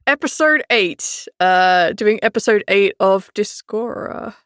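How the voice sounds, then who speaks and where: A woman chatting casually as a podcast's dungeon master, blunt and quick to joke, breaking into laughter often. Her voice sits at an ordinary middle pitch. The sound is dry and close. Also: animated, a bit bright, smooth, no room sound.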